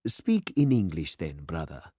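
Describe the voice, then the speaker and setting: A man's voice: rumbling low, huge pitch swings, a little slow, warm tone, slightly rough, dry recording, clean studio sound, heavily acted. A man voicing a humble, earnest older country priest who asks polite questions, in a storybook reading.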